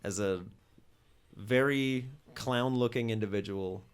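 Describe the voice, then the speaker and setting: A man narrating as game master of a tabletop game, playful and quick to laugh. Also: medium pitch, clean tone. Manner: playful, laughs often, acts out characters.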